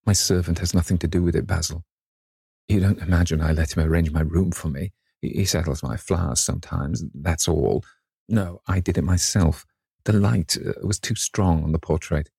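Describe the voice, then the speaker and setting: A man reading the lines of a vain, petulant young gentleman in an audiobook, pleading and imperious by turns. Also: low voice, steady tone, vocal fry, husky, no room sound, clean studio sound, exaggerated voice. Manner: pleading then imperious, measured delivery.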